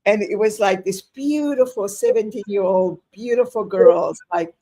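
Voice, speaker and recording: A woman's voice: medium pitch, unhurried, mellow. A woman in her seventies, a guest on an interview over a video call, talking in an effusive, rambling way. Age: 70s. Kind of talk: casual interview talk.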